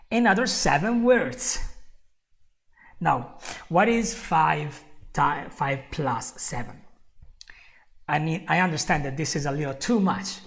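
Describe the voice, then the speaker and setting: A woman giving a live online English lesson, who repeats her key points, chuckles often and calls the viewer "my friend". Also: low voice. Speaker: English teacher.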